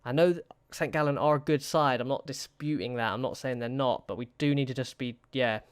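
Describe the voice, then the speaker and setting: A young YouTuber mutters and pleads with his players while giving nervous, casual commentary on a football management game. He speaks a little fast at medium pitch, with a clean tone and no echo.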